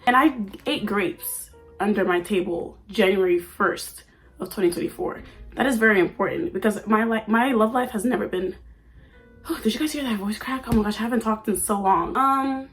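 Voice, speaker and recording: 19 yr old girl rambling to camera, chatty and oversharing, faint music behind. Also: medium pitch. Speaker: vlogger. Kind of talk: casual chat. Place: at home under a ring light.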